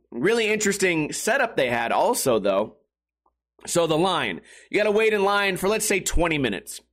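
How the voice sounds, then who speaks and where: A man's voice: on the high side, fairly bright tone. A man telling a casual story in a rambling, profane way, often laughing as he talks.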